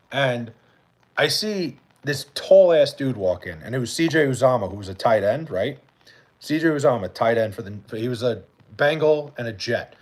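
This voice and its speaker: A man's voice: mid-range voice, darkish tone. A man streams live and chats casually with his viewers. He talks in a mid-range voice and rambles through a profane, filler-heavy story. He stops now and then to read out and answer chat comments. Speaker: livestream host.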